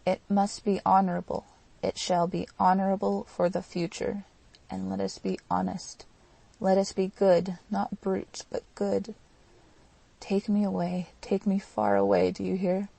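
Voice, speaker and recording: A woman's voice: medium pitch, flat delivery, unhurried, gravelly, mellow, dry recording, low-quality recording. A woman reading as a pleading, overwrought young woman. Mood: imploring. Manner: emotional, pleading delivery.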